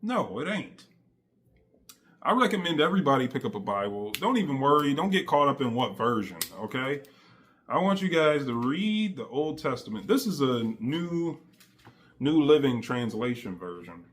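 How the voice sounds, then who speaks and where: A man's voice: mid-range voice, big pitch swings, normal speed. A man giving a casual, slangy faith testimony straight to his audience, emphatic and conversational. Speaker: faith vlogger.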